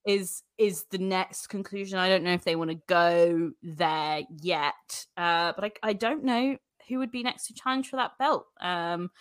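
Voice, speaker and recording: A woman's voice: lowish voice, a little slow, hardly any pauses, clear, resonant tone, no room sound, clean studio sound. A young woman co-hosting a podcast, chatting casually, teasing and laughing often. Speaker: podcast co-host. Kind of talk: casual chat.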